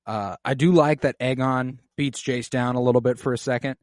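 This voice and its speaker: Dry-voiced podcast co-host, animated retelling. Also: male voice, medium pitch, normal speed, no echo. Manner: animated, acts out characters' lines. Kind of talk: casual episode breakdown.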